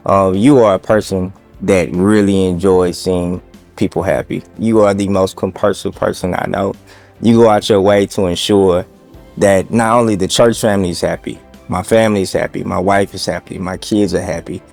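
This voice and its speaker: Deep-voiced man giving a sincere tribute. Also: fairly even intonation, creaky, a little mellow, soft background music. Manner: sincere, halting, with many ums. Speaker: church member giving a tribute. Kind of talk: heartfelt spoken tribute.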